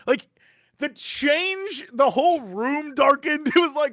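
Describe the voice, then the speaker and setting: A man, a podcast guest, chatting casually and telling animated stories, acting out quotes and laughing often mid-sentence. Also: extremely high pitch, a little slow, no echo, studio quality.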